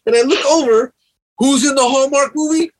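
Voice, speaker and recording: A man's voice: very high voice, moderate pace, low-quality recording. A man co-hosting a podcast, chatting in a laid-back way and swearing casually. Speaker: podcast co-host. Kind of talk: casual chat.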